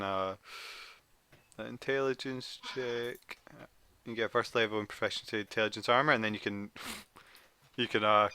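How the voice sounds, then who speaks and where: Joking Scottish player at the table. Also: male voice, on the low side, pushed and bright, smooth. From Scotland. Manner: joking, laughs often. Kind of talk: casual tabletop game chat.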